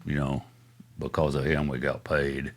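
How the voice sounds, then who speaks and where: An older man, a musician guesting on an interview, spins rambling stories full of fillers and chuckles in a casual exchange. His voice is very deep, his delivery flat, and his pace measured.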